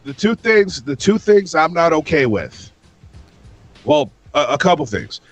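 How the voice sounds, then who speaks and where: A man with a high voice argues hard on a podcast call, swearing in nearly every sentence and raising his voice to a shout. He talks as though he's furious. Faint music plays underneath. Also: big pitch swings, a little slow, dry recording. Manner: profane, combative, repeats himself, often shouting. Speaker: debate participant. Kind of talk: heated podcast argument over a call.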